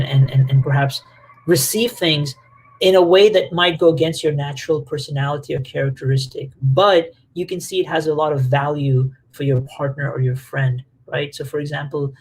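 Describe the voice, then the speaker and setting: A man with a fairly high, gravelly voice gives a relaxed talk to a group about relationships. He speaks casually and animatedly, full of fillers and quick acted-out quotes.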